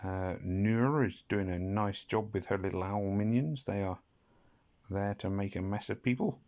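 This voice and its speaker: Low-voiced rambling British gaming commentator. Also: male voice, measured pace, darkish tone. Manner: rambling, self-deprecating, with hums and sound effects. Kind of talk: casual game commentary.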